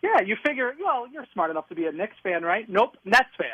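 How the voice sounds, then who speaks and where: A man's voice: high-pitched, very animated, brisk, breathy edge, no room sound. A man from New York calling in to a radio show, wry and self-mocking about his teams. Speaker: caller, host's friend. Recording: phone line into studio.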